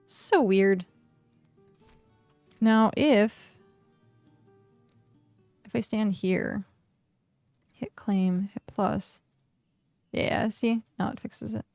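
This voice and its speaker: Chatty streamer woman with gravelly fry. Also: mid-range voice, very slow, long pauses, a little mellow, no echo, soft background music. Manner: chatty, reads chat questions aloud, frequent fillers. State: hiccuping. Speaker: game streamer. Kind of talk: casual live-stream chat.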